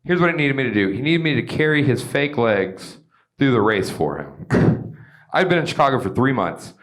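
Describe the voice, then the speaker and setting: A young man from Georgia doing a stand-up comedy set on stage, animated, with shouted bits and quick asides. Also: mid-range voice. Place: comedy stage with a live audience.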